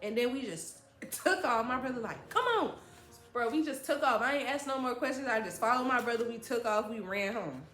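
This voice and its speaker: A woman's voice: a little high, fairly quick, fairly bright tone. A young woman telling a dramatic, slangy story from her childhood in a vlog. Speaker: vlogger. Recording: echoey room with faint music.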